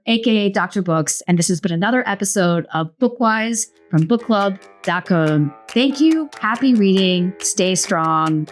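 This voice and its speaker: A woman hosts a book show and talks through a book in a relaxed, chatty way. She is lively and playful, and she likes to tease with quick asides. Her voice sits in a middle range for a woman. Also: mid-range voice. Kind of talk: casual book summary.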